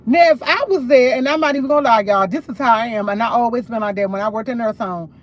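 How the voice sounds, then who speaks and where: A woman's voice: a little high, fast talker. A woman livestreaming, retelling a conversation in a casual, emphatic way. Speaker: livestream host.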